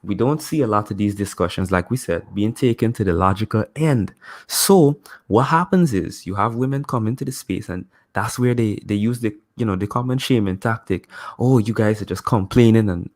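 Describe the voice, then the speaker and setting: A man speaking as a guest in a casual live-stream discussion, laying out his argument deliberately, point by point. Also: on the low side, a little mellow.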